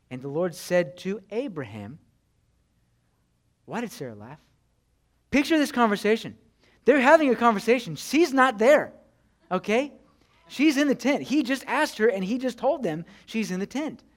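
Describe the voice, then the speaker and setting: A young man preaching a conversational sermon, chatty, with frequent "right?" and "you know". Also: high voice. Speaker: pastor.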